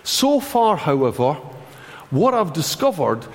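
A man giving a sermon, conversational and animated, with wry asides. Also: on the high side, unhurried, in a large hall. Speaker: preacher.

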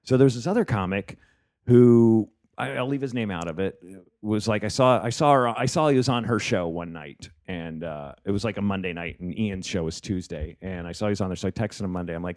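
Storytelling man, low voice. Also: fairly quick. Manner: animated storyteller, swears freely, acts out quotes. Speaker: comedian podcast host. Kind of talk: casual storytelling chat.

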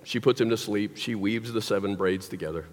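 A man's voice: lowish voice, fairly quick. A man preaching a sermon, telling a story animatedly with wry, joking asides. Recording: long hall reverb.

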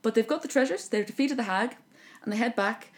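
An Irish woman co-hosting a podcast, retelling a folk tale in a lively, joking chat. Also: a little high, a little fast. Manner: animated, joking narration. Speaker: podcast co-host. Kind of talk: casual storytelling chat.

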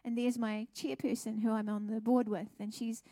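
A middle-aged woman, a pastor's wife, telling her testimony at a church service in a chatty, animated way. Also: fairly high pitch, normal speed, no room sound, studio quality. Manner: chatty, animated storytelling with laughs.

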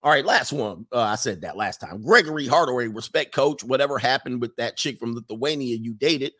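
A man hosts his streaming podcast in a loose, casual monologue, answering viewer questions as he goes. He talks with animation, laughs often, and repeats lines to drive a point home. His pitch sits at an ordinary middle for a man. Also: expressive, a little fast, bright, forceful tone, husky.

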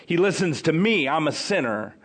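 A man's voice: on the high side, big pitch swings, normal speed, breathy edge. A man preaching an expository sermon in a conversational way, repeating key phrases for emphasis.

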